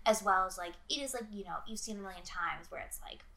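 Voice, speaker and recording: A woman's voice: medium pitch, quick pace, creaky, fairly bright tone. A young woman co-hosting a casual podcast about a movie, chatty and swearing freely as she acts out lines from the film. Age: young adult. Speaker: podcast co-host.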